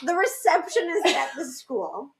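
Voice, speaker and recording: A woman's voice: very high-pitched, big pitch swings, measured pace, creaky, a little hiss or hum. A young woman co-hosting a podcast, chatting casually and retelling movie scenes with laughter. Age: young adult. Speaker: podcast co-host. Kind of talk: casual chat.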